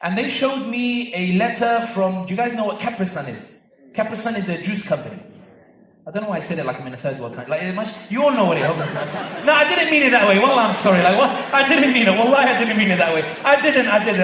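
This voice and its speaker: A man giving an animated, joking public speech to a live audience, with emphatic stretches. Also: high voice, fast talker, crowd noise. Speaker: guest speaker. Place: large convention centre hall. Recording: echoey hall, voice picked up from far off.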